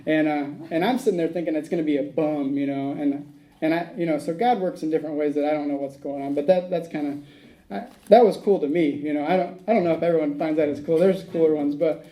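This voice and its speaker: A man's voice: a little high, quick pace, warm tone, low-quality recording. A man speaking at a recovery meeting, telling a rambling personal story, acting out the dialogue and laughing at his own tale.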